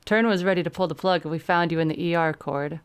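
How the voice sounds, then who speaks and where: A woman's voice: fairly low pitch, fairly even intonation, quick pace, clear, resonant tone, natural voice. Snobbish regal young man voiced by a woman, haughty and stubborn.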